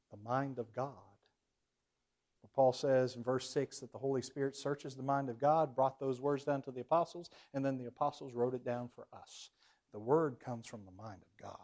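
A man teaching a Bible class, reading verses aloud with stress on key words and putting questions to the group, at times dropping very soft. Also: medium pitch. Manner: reads verses aloud with emphasis, then asks the class questions; level swings widely, dropping very soft at times. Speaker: preacher.

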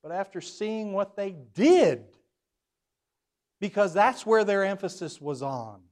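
Man, high voice, Bible class teacher, reads verses aloud with emphasis, quizzes the group, at times very quiet. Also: big pitch swings, slow pace. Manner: level swings widely, dropping very soft at times. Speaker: preacher.

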